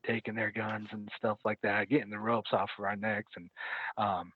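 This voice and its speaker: A man telling a story in casual conversation as a podcast guest, halting and correcting himself as he goes, acting out what people said. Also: on the low side, flat delivery, slightly rough, no echo. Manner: halting, self-correcting retelling with quoted dialogue. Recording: dry, tinny phone-like line.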